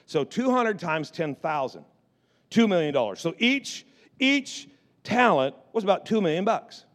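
A male pastor with a fairly high voice telling a lively story from the pulpit. He talks in an animated way, stumbles over his restarts, and piles up repeated words. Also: unhurried. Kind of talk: storytelling sermon.

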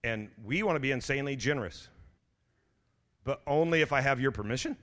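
Delivering a church sermon a little fast, this middle-aged pastor has a mid-range, fairly bright voice. He spins stories in a relaxed, chatty manner, often stammering and starting over, and calls out to his congregation as he goes.

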